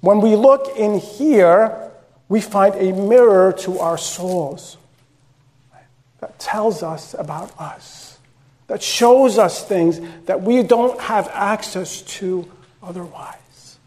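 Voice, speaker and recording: A man's voice: high voice, slow, a little mellow. A male pastor preaching a sermon in a conversational, direct way, repeating phrases for emphasis.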